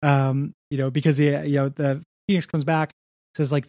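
A man's voice: a little high, little pitch movement, normal speed, darkish tone, no room sound, studio quality. A young man co-hosting a podcast, rambling through a comics recap with lots of fillers. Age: young adult. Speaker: podcast co-host. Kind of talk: casual comics discussion.

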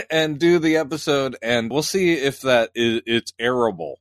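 A man's voice: medium pitch, animated, measured pace, no echo, clean studio sound. A man in his fifties with the hiccups, co-hosting a casual podcast chat, rambling and laughing. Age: 50s. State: has the hiccups. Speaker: podcast co-host.

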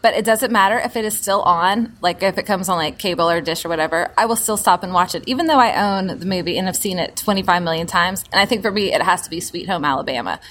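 A woman's voice: fairly low pitch, fast talker, few pauses, fairly bright tone, a little hiss or hum. Gushing, chatty woman in casual talk. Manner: gushing, chatty, full of fillers. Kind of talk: casual chat.

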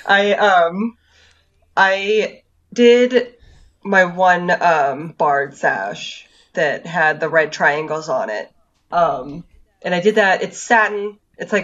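Woman, very low voice, casual podcast chat, measured, detailed explainer, dull lo-fi mic. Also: a bit bright. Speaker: podcast co-host.

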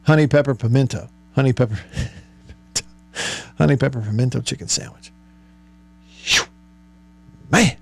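A man hosting a radio talk show, chatting and joking with his co-host and laughing often. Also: a little high. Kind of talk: casual on-air banter.

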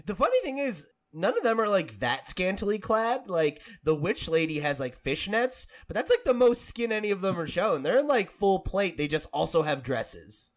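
An American man hosting a gaming podcast in casual chat, rambling with lots of filler and quick laughs. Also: high-pitched, sing-song. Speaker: podcast host.

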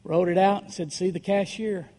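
A man preaching a story-driven sermon, dropping to a hush and then rising to loud, dramatic swells. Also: sits high, steady tone, normal speed. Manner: dramatic, swings from hushed to shouting.

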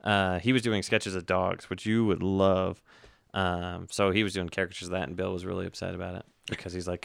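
A man's voice: deep voice, little pitch movement, brisk, creaky, dry recording, clean studio sound. A man hosting a podcast in casual chat, telling rambling stories with many fillers and laughs. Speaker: podcast host.

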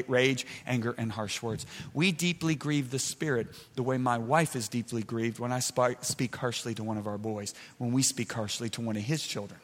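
Man preaching in a reverberant hall. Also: mid-range voice. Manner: swings between shouting and soft confiding. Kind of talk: sermon. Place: large hall with an audience.

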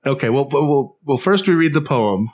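A man co-hosting a podcast in casual chat, dry and deadpan, with halting restarts. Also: mid-range voice, slightly rough. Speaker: podcast co-host.

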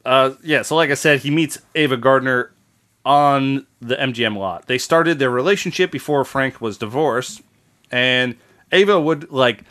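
A man hosting a podcast, recounting a story in a relaxed, chatty way. He curses freely and drifts into quick impressions of the people he describes. His voice sits at an ordinary middle pitch. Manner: loose and profane, acts out quotes. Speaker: podcast host telling a history story. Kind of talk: casual storytelling chat.

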